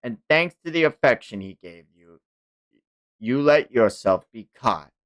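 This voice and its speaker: A man's voice: mid-range voice, animated, measured pace, a bit bright. A man voicing an arrogant, ancient male villain god who talks with contempt and barks commands. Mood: cold menace.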